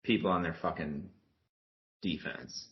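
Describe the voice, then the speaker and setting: Speaking in a bass voice at a measured pace, this co-host from Milwaukee chats casually on a sports podcast. There's plenty of swearing, laughter and groping for names, and the audio is dull and lo-fi.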